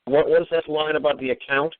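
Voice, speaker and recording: A man's voice: on the high side, fairly even intonation, fast talker. Profane ranting man on tinny radio. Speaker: radio show host. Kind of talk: call-in radio talk. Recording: tinny phone-line radio audio.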